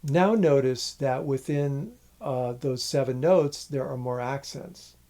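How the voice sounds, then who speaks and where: In a music lesson, a man patiently explains a rhythm and counts its syllables aloud. He has a medium-pitched voice and speaks at a slow pace.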